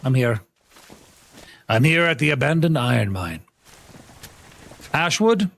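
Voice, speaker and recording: Young man, game streamer, excitable, laughs a lot, lively up-and-down voice. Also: mid-range voice, takes it slowly, gravelly. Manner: excitable, laughs often, talks to chat. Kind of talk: live gaming stream chat.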